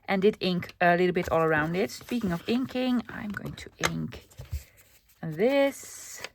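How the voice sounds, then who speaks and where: A native Dutch speaker with a Dutch accent hosts a crafting channel, chatting casually as she narrates her work and often slipping into a soft whisper. Her voice sits on the low side, and there's a little hiss or hum in the recording.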